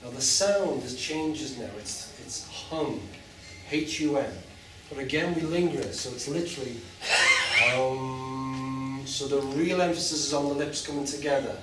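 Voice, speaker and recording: A man leading a group through a guided chakra meditation with slow, soothing instructions and long chanted tones, in a large room with an audience. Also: on the high side, background noise. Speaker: meditation teacher. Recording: echoey hall from far off.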